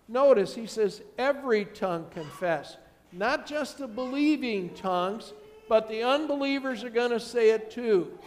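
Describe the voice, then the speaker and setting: A man's voice: very high-pitched, unhurried, a little mellow, in a large hall. A man, a pastor, preaching a sermon with emphatic, building repeated phrases.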